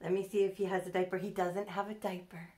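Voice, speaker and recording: A young adult woman gushes, coos, and squeals over a new doll in a casual box-opening vlog. Her mid-range voice is level and darkish, and she talks quickly.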